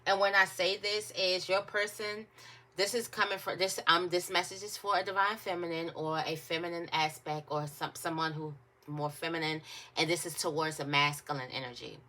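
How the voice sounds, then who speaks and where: A woman's voice: on the low side, fairly even intonation, normal speed, sharp tone. A woman giving a casual tarot reading to her viewers, chatty and repetitive, with emphatic asides. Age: adult. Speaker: tarot reader.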